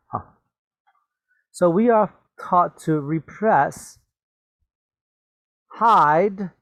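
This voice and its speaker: In a dry recording, a man's mid-range, fairly bright voice leads a bilingual English vocabulary lesson. Repeating and explaining words, he slips into glosses and checks in by asking "okay?" and "right?".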